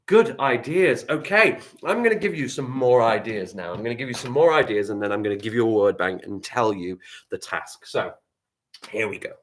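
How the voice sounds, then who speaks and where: A man's voice: medium pitch, moderate pace, slight background noise. A male primary school teacher, giving a live online writing lesson, reading example sentences aloud and explaining them step by step.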